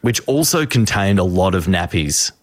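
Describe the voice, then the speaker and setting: A man's voice: sits low, moderate pace, dry recording, clean studio sound. A man, a radio host telling a story in casual chat and acting out voices. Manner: animated storyteller, acts out voices.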